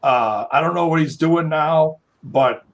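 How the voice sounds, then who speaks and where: A man co-hosting a casual podcast chat, talking haltingly with many fillers and restarts. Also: on the high side. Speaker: podcast co-host.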